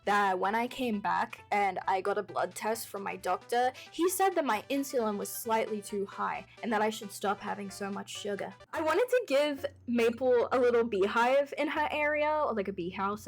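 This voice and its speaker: A woman's voice: mid-range voice, normal speed, few pauses. A young woman talking through a game build in a chatty, bubbly, self-mocking voice-over from her desk at home. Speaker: gaming YouTuber. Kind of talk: casual gameplay voice-over. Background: soft background music.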